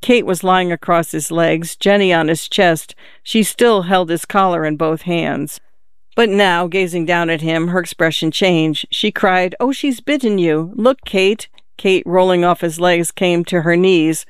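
Audiobook narrator, smooth resonant voice, dry close sound, measured calm delivery, mid pitch. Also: no room sound. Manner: measured, calm storytelling with lifted character voices. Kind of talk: audiobook reading of a novel.

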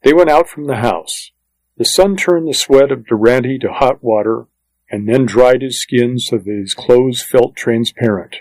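A male narrator reads a story aloud in a steady, even way. His voice sits at an ordinary pitch. The recording is dry and close, with no room sound. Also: a little slow, dry recording, poor audio. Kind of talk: scripted audiobook narration.

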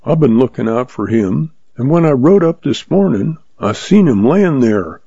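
A man doing a mild, slow-talking cowboy, pitched up. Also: animated, gravelly, warm tone, slightly rough, no echo, muffled recording. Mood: calm. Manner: slow, plain-spoken drawl.

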